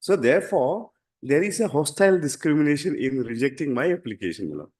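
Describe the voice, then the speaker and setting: A man with an Indian English accent arguing his own case before a judge, formal and deferential, pausing often and saying "my lord" again and again. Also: on the high side, expressive, darkish tone. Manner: halting, deferential, repeats 'my lord' constantly. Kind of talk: formal courtroom submission.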